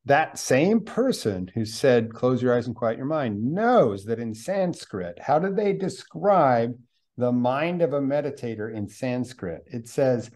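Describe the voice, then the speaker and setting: A man hosting a podcast interview, speaking in an animated, teacherly way about mindfulness and sometimes slipping into a guided-meditation delivery. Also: medium pitch, unhurried.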